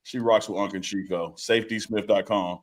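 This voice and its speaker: A man's voice: fairly low pitch, steady tone, normal speed. A man co-hosting a casual live sports talk show, bantering, joking and reading a sponsor plug. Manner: joking banter, laughs often. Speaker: co-host.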